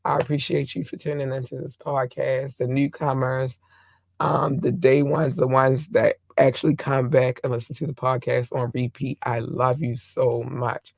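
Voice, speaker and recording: Hoarse middle-aged male podcast host, gravelly voice, rambling and affectionate, dry close sound. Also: medium pitch, flat delivery, normal speed, no echo. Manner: rambling, affectionate shout-outs to listeners. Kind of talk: casual solo podcast monologue.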